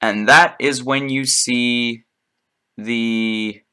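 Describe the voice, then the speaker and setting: A man narrating a tabletop game as game master, unhurried and a little hesitant. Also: medium pitch, fairly even intonation, sharp tone, clear, resonant tone.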